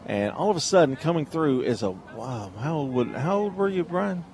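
A man calling a high school baseball game on radio, chatty and joking between pitches. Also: animated, normal speed, over music. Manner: chatty, jokey, tells stories between pitches. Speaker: play-by-play announcer.

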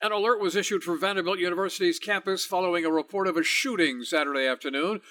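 A man reading local news on the radio in a steady, even delivery. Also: high-pitched, fast talker. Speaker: radio newsreader.

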